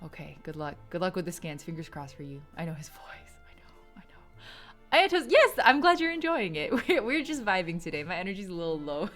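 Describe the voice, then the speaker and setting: A young woman hosts a live game stream, chatty and giggly, reading lines aloud between asides. Her voice is bright and lively, rising and falling a lot. Faint game music plays behind her. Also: lowish voice, fairly quick. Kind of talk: live game playthrough chat.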